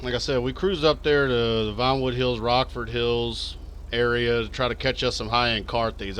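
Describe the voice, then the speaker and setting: A man's voice: mid-range voice, steady tone, normal speed, a bit bright, slight background noise. A man with a Texan accent, casually chatting and swearing through a live stream while playing a police officer in a role-play game. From Texas. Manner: profane, brash, chatty, reads chat aloud.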